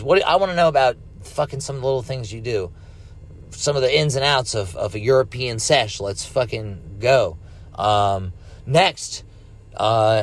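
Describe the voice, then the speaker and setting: A man in his thirties hosting a podcast alone, rambling casually and swearing freely. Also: mid-range voice. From United States. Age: 30s. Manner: rambling, profane, laid-back. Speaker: podcast host. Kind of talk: casual solo podcast monologue.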